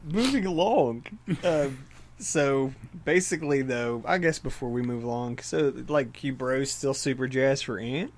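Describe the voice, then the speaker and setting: A man's voice: medium pitch, a little slow. A man hosting a podcast, telling goofy stories in casual chat and laughing often. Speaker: podcast host.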